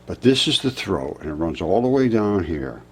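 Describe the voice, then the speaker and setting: A man in his seventies narrating over a map, insistent, rebutting doubters and jumping up in pitch when pointing things out. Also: very animated, normal speed, slight background noise. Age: 70s. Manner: insistent, rebutting imagined objections. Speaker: presenter of a fringe geology channel.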